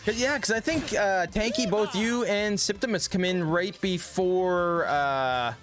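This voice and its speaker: A man's voice: sits high, unhurried, music in the background. A man streaming a video game, out of breath and chatting with his viewers in a loose, casual way as he plays. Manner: chatty, talks to chat between gameplay. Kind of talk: casual livestream chat while gaming.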